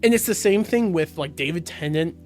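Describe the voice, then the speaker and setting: A man with a slightly high voice rambles through a casual podcast chat, full of fillers and false starts. Faint music sits under his voice. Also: expressive, brisk, a little mellow. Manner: rambling, lots of fillers and restarts. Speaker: podcast co-host.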